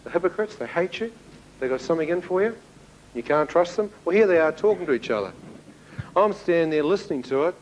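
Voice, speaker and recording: Man telling a testimony, higher-pitched. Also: quick pace, muffled recording, slight background noise. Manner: animated storyteller acting out dialogue, with chuckles. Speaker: speaker giving a personal testimony. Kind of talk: spoken testimony to an audience.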